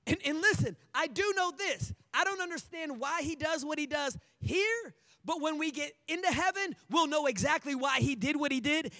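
A man's voice: extremely high pitch, bright, forceful tone, dry recording. A male pastor preaching a sermon with energy and strong emphasis.

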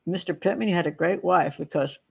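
A woman's voice: fairly low pitch, brisk, creaky, husky. Woman talking through an old murder case, keeps wandering off on side stories, middle-aged. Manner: chatty and digressive, laughs at own asides. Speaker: true crime channel host. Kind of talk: casual case walkthrough, reading statements aloud.

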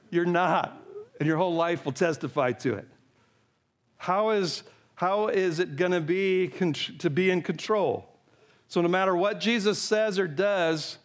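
A male pastor preaching a sermon, talking straight to the congregation and reading scripture aloud. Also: sits high. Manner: earnest, direct preaching, reads scripture aloud. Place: church sanctuary.

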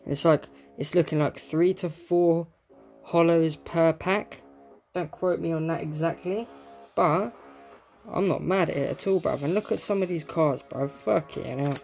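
A man's voice: on the high side, measured pace, creaky, a little mellow. A young man chats loosely while opening trading card packs, reading each card name aloud and dropping frequent swears. His delivery is laid-back and conversational, with faint music playing behind him. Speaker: card pack opening host. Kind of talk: casual pack-opening chat.

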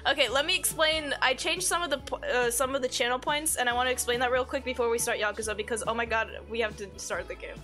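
Bright, chatty streamer woman. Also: a little high, fast, few pauses. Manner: chatty, reads chat aloud, swears freely, giggly. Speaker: live streamer. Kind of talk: casual live-stream chat. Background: faint background music.

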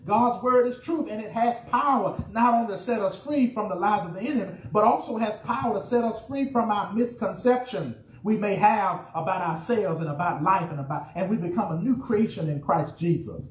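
A man preaching a sermon as pastor, calling out to the congregation and shouting refrains. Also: high-pitched, a little fast, hardly any pauses, echoey room, distant mic, a little hiss or hum, low-quality recording. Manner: preacherly call-and-response, rising excitement, shouted refrains. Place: church sanctuary.

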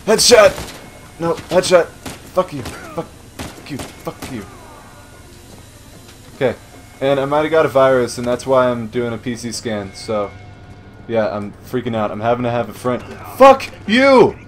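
A man narrates his own playthrough in a loose, joking way, cursing freely and shouting whenever the enemies get him. His voice sits at an ordinary pitch. Soft game music and gunfire hum underneath. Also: big pitch swings, moderate pace. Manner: jokey, swears a lot, shouts at enemies. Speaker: gamer doing a let's play. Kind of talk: casual gameplay commentary. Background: faint game music and gunfire.

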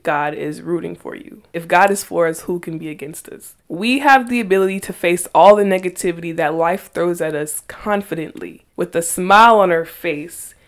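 A woman's voice: fairly low pitch, moderate pace, few pauses. A woman hosting a faith podcast, earnestly reading Bible verses aloud and pressing her points with emphatic rhetorical questions. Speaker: podcast host.

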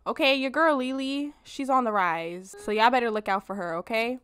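A woman hosting a let's play, giving animated, casual gameplay commentary straight to her viewers and swearing freely. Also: on the high side, moderate pace, clean tone, dry recording.

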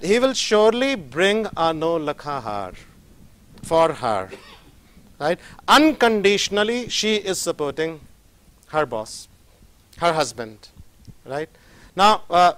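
A man's voice: high voice, no echo. A middle-aged man, a professor giving a motivational lecture and acting out little dialogues as he tells stories. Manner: animated storytelling, acting out dialogues.

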